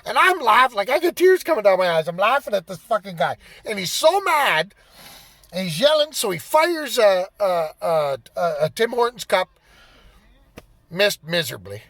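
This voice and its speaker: A man in his fifties tells a rambling story and swears freely. His voice sits high for a man, and it is bright and swings widely in pitch. The sound is dry and close, with no room echo. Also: sing-song, normal speed. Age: 50s. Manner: profane, rambling anecdote-teller. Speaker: vlogger. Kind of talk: casual storytelling.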